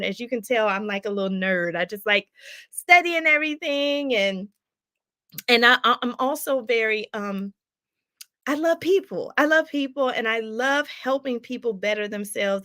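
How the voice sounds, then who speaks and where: Life coach host, woman, high bright voice, dry close sound. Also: no room sound. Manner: animated, laughs often, preacherly call-and-response. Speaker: life coach hosting a live stream. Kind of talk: casual live-stream chat, reading viewer comments.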